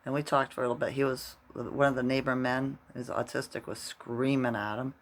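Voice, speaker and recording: Gravelly middle-aged man rambling to camera. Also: mid-range voice, little pitch movement, brisk. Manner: rambling storyteller, constantly tags "right?". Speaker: vlogger. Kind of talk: casual rambling vlog.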